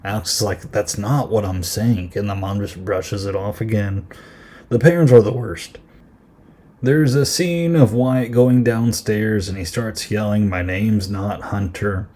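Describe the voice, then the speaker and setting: A man with a low, mellow voice talks through a horror film scene by scene in a loose podcast chat. He leans on fillers like "um" and "like" and slips into quick voices when he quotes the characters. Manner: chatty, many fillers, acts out quoted lines in quick voices. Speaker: podcast host. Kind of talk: casual film review recap.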